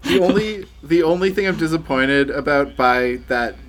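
A man's voice: on the high side, normal speed, a little hiss or hum. A man co-hosting a casual podcast, making dry jokes and swearing. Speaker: podcast co-host.

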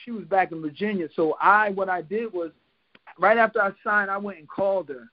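Speaking fairly quickly, this high-voiced Philadelphia man, a retired boxer, trades stories as a guest on a casual podcast interview. He laughs often, performs the quotes he repeats, and stays lively throughout. There's no echo, though the lo-fi podcast sound is dull.

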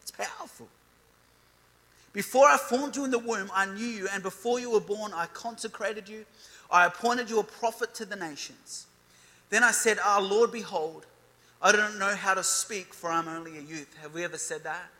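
A man's voice: high-pitched, normal speed, sharp tone. A man in his thirties preaching a youth sermon, declaring and building emphasis as he reads scripture. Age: 30s. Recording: reverberant hall.

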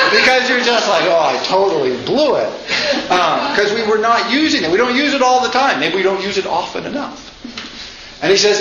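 Guy with a high voice giving a chatty lecture, acts out little quotes, faint hiss in the room. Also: pushed and bright. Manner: chatty, asks "right?" often, acts out quotes, laughs. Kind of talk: informal lecture. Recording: echoey room, slightly dull sound, faint noise.

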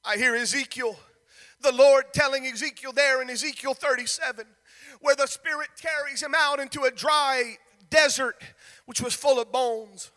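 A male pastor preaching a sermon, rising into shouted, sing-song cadences. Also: extremely high pitch, steady tone, normal speed, in a large hall.

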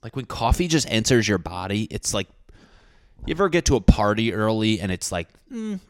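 A man's voice: lowish voice, big pitch swings, moderate pace, dry recording, clean studio sound. Rambling, profane podcast man. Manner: rambling, profane, self-mocking. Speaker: podcast host. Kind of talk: rambling solo podcast monologue. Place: his apartment.

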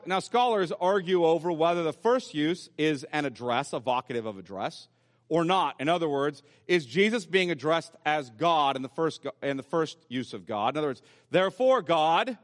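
A male pastor preaching in a church, his fairly high voice carrying a long hall reverb. He walks the listener through scripture point by point, in a patient teaching manner. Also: expressive, moderate pace. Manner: teaching, explaining scripture step by step. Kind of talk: sermon. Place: church sanctuary.

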